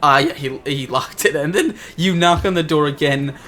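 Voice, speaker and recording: A man's voice: a little high, moderate pace, fairly bright tone, faint music behind. A man narrating as game master for a tabletop game, rambling and searching for words as he describes scenes.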